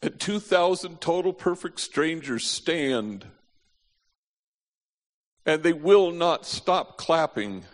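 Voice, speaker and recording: A man preaching a sermon through a story, slowing to a near hush on the key phrases and acting out the voices of the people in it. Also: fairly high pitch, animated. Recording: reverberant hall.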